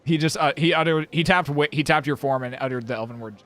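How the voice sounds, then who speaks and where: A man's voice: on the high side, fast talker, fairly bright tone. A young man running a tabletop game as dungeon master, describing scenes with many fillers and restarts.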